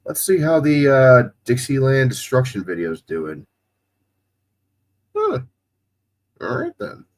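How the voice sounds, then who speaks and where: A man's voice: mid-range voice, huge pitch swings, slow. A man with a slight drawl from Southwest Ohio who is getting over a cold. He calls football plays in a casual, profane way and chats with viewers as a streamer. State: recovering from a cold. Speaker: streamer doing watch-along play-by-play. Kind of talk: casual play-by-play commentary and chat.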